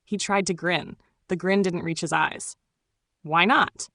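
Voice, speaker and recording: Low-voiced woman narrating a story. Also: gravelly, no echo, clean studio sound. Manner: measured, steady storytelling. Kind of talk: scripted first-person story narration.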